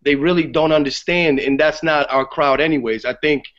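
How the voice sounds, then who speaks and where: Male podcast guest, mid pitch, casual and profane, lo-fi sound. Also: normal speed. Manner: animated, swears freely, restarts often. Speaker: theater guest. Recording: dull lo-fi podcast audio.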